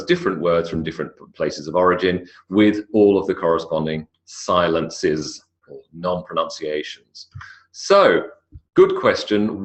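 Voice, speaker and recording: Man, Australian accent, deep low voice, English teacher, relaxed explanatory lecture. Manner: explanatory, relaxed, with fillers and self-corrections. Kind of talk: recorded online lecture.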